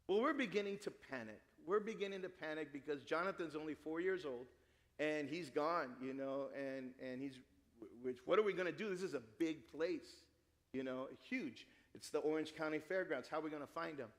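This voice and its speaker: A middle-aged man preaching a sermon, telling a family story with lively acted-out dialogue. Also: fairly high pitch, normal speed. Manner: animated storytelling, acts out dialogue. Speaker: pastor. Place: church sanctuary. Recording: long hall reverb.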